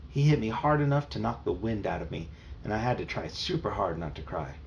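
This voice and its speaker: A man with a lowish, creaky voice reads a children's novel aloud, expressive and fairly quick, in a straightforward storytelling way with a few minor slips. The home recording sounds muffled, with a faint hiss.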